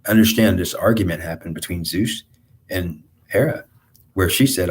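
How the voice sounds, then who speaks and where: A man giving a rambling spiritual monologue, halting often with restarts and repeated words. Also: deep voice, fairly even intonation, husky.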